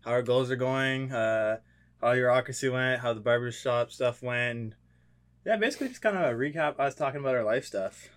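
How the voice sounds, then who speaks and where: A young man co-hosts a podcast. He talks in an easygoing, rambling way, leaning on fillers, at an ordinary mid pitch. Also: a little fast. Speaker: podcast co-host. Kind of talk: casual podcast chat.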